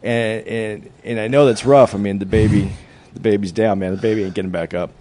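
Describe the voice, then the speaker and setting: A man's voice: on the low side, fairly quick. Profane storytelling man, casual comic chat. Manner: storytelling, profane, animated retelling of a joke. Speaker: stand-up comedian.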